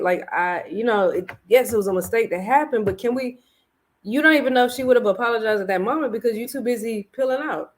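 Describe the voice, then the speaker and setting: A woman's voice: mid-range voice, fast talker. Candid woman recapping reality TV. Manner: candid, animated storytelling, slangy. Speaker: podcast host. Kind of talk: casual reality TV recap chat.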